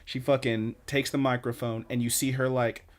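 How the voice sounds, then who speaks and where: Excitable young man, podcast co-host. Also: mid-range voice, moderate pace. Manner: excited, profane retelling with many "like"s. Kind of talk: casual podcast chat.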